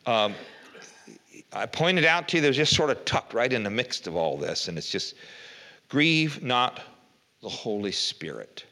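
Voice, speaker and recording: A man's voice: medium pitch, very animated, normal speed, bright, forceful tone. An older man preaching a folksy evening sermon, reading scripture aloud and asking rhetorical questions. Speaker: pastor.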